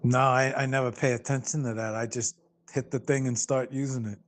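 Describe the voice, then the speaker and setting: A man spins a casual, rambling story on a podcast, peppered with swearing. He keeps circling back, restarting his sentences and filling the gaps with "uh" and "like." His voice sits at an ordinary middle pitch for a man. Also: level tone, a little fast. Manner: profane, rambling, lots of restarts and fillers.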